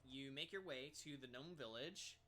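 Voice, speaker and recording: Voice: mid-range voice, normal speed, bright, forceful tone. A game master narrating a tabletop game, rambling with many ums and little laughs.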